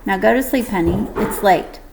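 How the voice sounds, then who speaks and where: A woman voicing a tired, tender mother who speaks softly and soothingly to her son. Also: mid-range voice, moderate pace, background noise, close to an everyday voice. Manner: soft and soothing.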